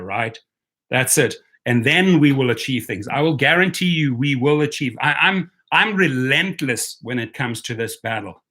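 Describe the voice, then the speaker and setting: A man's voice: mid-range voice, sharp tone. A man with a non-native English accent hosting a live stream, talking passionately and rallying his viewers. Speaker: rideshare YouTube host.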